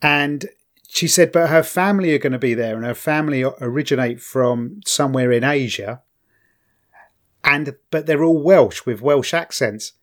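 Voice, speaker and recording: A man's voice: medium pitch, moderate pace. A man co-hosting a podcast in casual chat, chatty and stumbling over words, laughing often. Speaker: podcast co-host.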